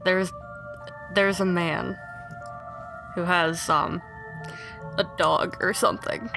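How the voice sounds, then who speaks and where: A woman's voice: fairly low pitch, fairly even intonation, takes it slowly, gravelly, over music. A woman chatting on a podcast in a giggly, hesitant way as she starts a story. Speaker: podcast guest. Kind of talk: casual chat.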